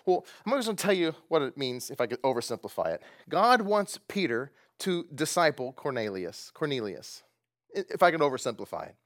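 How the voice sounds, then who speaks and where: In a room full of people grouped at tables, a man guides a prayer and teaches Bible study in a chatty way with light humor. He has a mid-range, sing-song voice with a fairly bright tone and talks a little fast.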